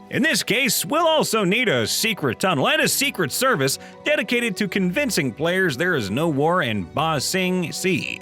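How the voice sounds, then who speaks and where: An animated man reads online stories aloud in a bright, lively voice. He sits slightly high for a man, playful throughout, with soft music behind him. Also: normal speed, few pauses. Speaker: narrator reading viewer stories. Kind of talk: reading online comments aloud.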